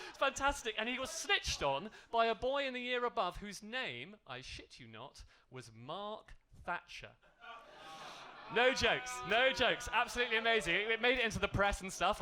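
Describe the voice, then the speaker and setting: A man's voice: high-pitched, sharp tone. A posh gay man doing a rambling stand-up set in a comedy club, full of ums and asides. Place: comedy club stage with audience.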